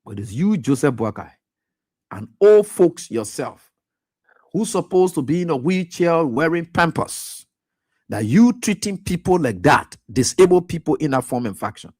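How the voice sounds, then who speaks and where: A man's voice: fairly high pitch, very animated, moderate pace, a little mellow, breathy edge. A man hosting a radio talk show, delivering impassioned, accusatory political commentary with repeated pointed questions. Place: radio studio.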